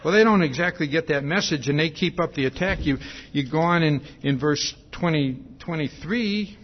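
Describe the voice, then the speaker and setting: A man preaching an expository sermon in a conversational way, often pausing to ask "see?" and restarting his sentences. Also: on the high side, muffled recording.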